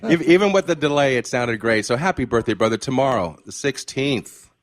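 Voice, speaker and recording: A man's voice: medium pitch, animated, a little fast, dry recording. A man in his fifties hosting a radio interview show, effusive and emphatic as he talks with his guest. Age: 50s. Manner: effusive, warm praise and emphatic delivery.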